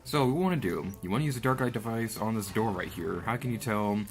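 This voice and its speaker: A man's voice: on the low side, expressive, fast, faint music behind. A young man from Florida hosting a let's play, rambling through game commentary and yelping and laughing at the action.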